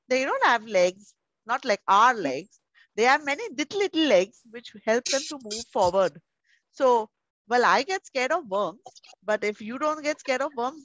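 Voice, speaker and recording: Lively high-voiced woman teaching preschoolers. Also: no room sound, dull audio. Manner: animated, playful and coaxing with small children. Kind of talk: teaching young children in an online class.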